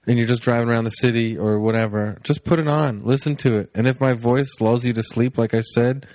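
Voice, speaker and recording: A podcast host on his home couch rambles through a casual intro, sounding sleepy, laid-back, and unhurried as he drifts between thoughts with plenty of ums. His voice is middling in pitch with a darkish tone, recorded dry and close with no room echo.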